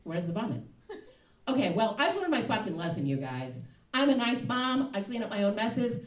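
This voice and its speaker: Lively woman doing stand-up in a club. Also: fairly high pitch, fairly quick, far from the mic. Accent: Chicago. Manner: animated, laughing through punchlines. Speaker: stand-up comic. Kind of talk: live stand-up storytelling. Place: comedy club stage. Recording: roomy live club recording with audience noise.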